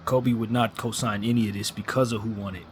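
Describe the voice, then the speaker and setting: A man's voice: fairly low pitch, fairly even intonation, brisk, slight background noise. A man ranting as a sports fan commentator, blunt and frustrated, hammering his points with repetition.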